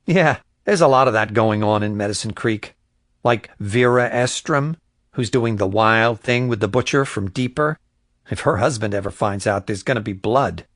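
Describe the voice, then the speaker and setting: A man's voice: lowish voice, moderate pace, fairly bright tone, no echo, studio quality, close to an everyday voice. A man voicing a sarcastic, gossipy young woman from a small town in an audiobook. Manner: snarky, wisecracking.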